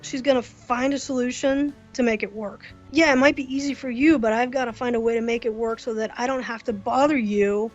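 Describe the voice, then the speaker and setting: A woman with a fairly high voice tells workplace stories in a casual, animated way. She acts out the reactions she quotes. The recording sounds dull and lo-fi. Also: brisk, few pauses, soft background music. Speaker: interview guest. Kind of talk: casual storytelling. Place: hotel during a convention.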